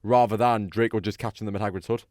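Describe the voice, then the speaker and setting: A man's voice: on the low side, fairly even intonation, fast, darkish tone, dry recording, studio quality. A man hosting a podcast, chatting casually and rambling, tired late at night. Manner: rambling, laughs often. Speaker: podcast host. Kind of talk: casual chat.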